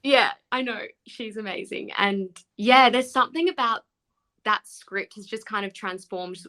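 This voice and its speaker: A woman in her twenties, a guest actor chatting on a podcast and telling animated stories with frequent laughs. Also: medium pitch, a little slow. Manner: animated storyteller, laughs often. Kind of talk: casual podcast chat.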